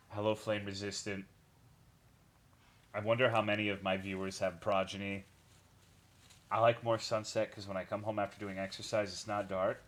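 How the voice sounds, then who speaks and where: A man's voice: on the low side, flat delivery, normal speed, pauses often. A young man streaming a game, chatting casually with his viewers in a rambling way, swearing often and greeting chat by name.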